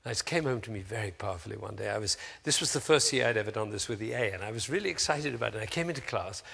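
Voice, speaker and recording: Gravelly, animated man speaking in a hall. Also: on the low side, very fast. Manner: animated, anecdotal, laughs often. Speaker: speaker on music education. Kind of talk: public talk to educators.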